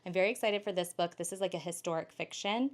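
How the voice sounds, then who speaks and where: A young woman co-hosting a book haul video, telling travel stories in a lively, casual way with the odd swear word. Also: fairly low pitch, quick pace. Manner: animated storyteller, casual swearing. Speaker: booktuber co-host. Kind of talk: casual storytelling chat.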